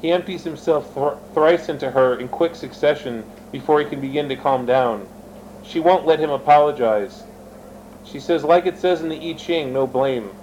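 Man reading a story, slightly high voice. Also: normal speed, a little mellow, muffled recording, slight background noise. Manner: shifts between character voices and narration, speaks directly to listeners. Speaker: reader of his own fiction. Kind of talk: dramatic reading of an erotic story.

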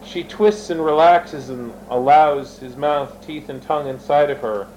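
A man's voice: a little high, a little slow, a little mellow, slight background noise, poor audio. A man reading his own fiction aloud, switching between narration and character voices and speaking directly to his listeners. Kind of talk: dramatic reading of an erotic story.

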